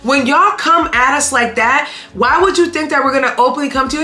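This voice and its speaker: Candid, bright-voiced woman telling a story. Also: high voice, fairly quick, hardly any pauses, soft background music. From Haitian family. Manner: candid, emphatic, addresses viewers directly. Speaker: vlogger. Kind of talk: storytime vlog.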